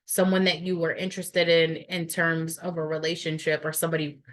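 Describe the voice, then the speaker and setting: Woman tarot reader, low-pitched, blunt, swears freely, rambles through casual on-camera readings. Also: monotone, fairly quick. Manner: blunt, profane and rambling, many fillers.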